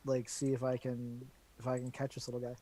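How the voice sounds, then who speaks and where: A man's voice: medium pitch, completely flat delivery, brisk, warm tone, a little hiss or hum. A man playing a tabletop role-playing game, casually describing what his character does. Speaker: player.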